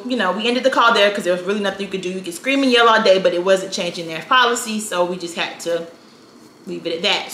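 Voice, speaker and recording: A chatty woman in her thirties from South Florida tells a personal story in a casual, animated way. Her voice is bright and clear. The room is echoey, with a faint hiss behind her. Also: medium pitch. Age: 30s. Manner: chatty, animated, uses "you know" a lot. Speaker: storytime vlogger.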